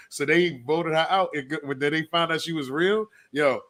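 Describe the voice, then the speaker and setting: A man's voice: on the high side, moderate pace, few pauses. A man co-hosting a casual podcast chat, telling stories animatedly and acting out what people said. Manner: animated storytelling with acted-out quotes. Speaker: podcast co-host.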